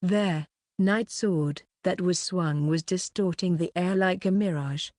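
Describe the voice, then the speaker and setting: A woman reading a web novel aloud as an audiobook narrator, keeping one even voice throughout. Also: lowish voice, slow, no room sound, studio quality.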